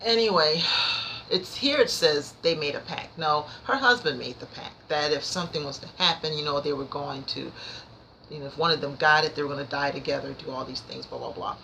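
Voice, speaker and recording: A woman reviewing books in a casual vlog, nervous and rambling, stumbling over her words but excited and passionate. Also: deep voice, a little fast, vocal fry, a little hiss or hum, low-quality recording. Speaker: book vlogger. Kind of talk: casual book review chat.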